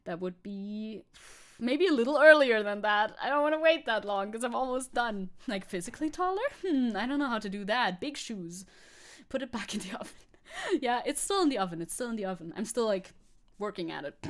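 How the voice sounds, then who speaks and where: A woman's voice: a little high, animated, brisk, a bit bright. A woman hosting a live stream, chatting casually with viewers, rambling, repeating herself and laughing often. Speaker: streamer host.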